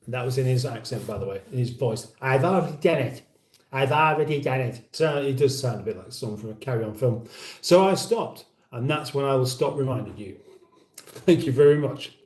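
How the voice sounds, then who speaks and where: The host, a man with a mellow mid-range voice, sounds animated and talks fairly quickly. Far from the microphone in a reverberant room, he runs a casual livestream, reading comments aloud and rambling with dry, self-interrupting humour.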